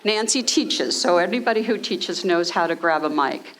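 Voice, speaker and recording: A woman's voice: on the low side, expressive, normal speed, fairly bright tone. A woman moderating a gallery panel, introducing the artists in a chatty, encouraging way. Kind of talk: casual live introduction. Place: gallery, before an audience.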